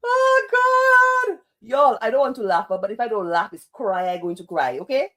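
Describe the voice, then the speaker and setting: A woman's voice: mid-range voice, fast talker, darkish tone. A Saint Lucian woman giving online political commentary in an exasperated, sarcastic, scolding way.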